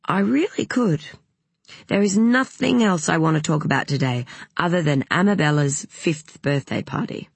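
A man's voice: a little high, moderate pace, gravelly, slightly rough, dry recording. A narrator voicing a husband who teases his wife with dry sarcasm. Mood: teasing. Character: wry, teasing husband.

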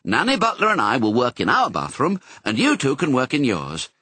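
A firm, practical old nanny from a storybook, as a man puts her on. She talks briskly in a raised, husky voice. The recording is dry and close. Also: mid-range voice, wildly swooping pitch, bright, forceful tone, no room sound, heavily acted. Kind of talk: audiobook reading.

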